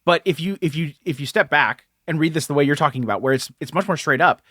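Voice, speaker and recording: Seorang pria membawakan podcast bersama, mengobrol santai tentang komik, sering tertawa dan cepat menyetujui lawan bicaranya. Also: male voice, fairly high pitch, fast, a bit bright, dry recording, clean studio sound. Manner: chatty, laughs often, eager agreement. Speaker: podcast co-host. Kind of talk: casual comic book discussion.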